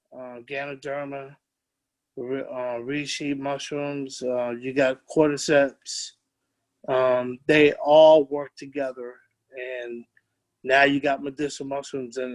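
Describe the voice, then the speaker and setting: A man giving a casual product testimonial as a webinar guest, halting and full of fillers. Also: mid-range voice, no room sound. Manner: halting, many fillers and restarts.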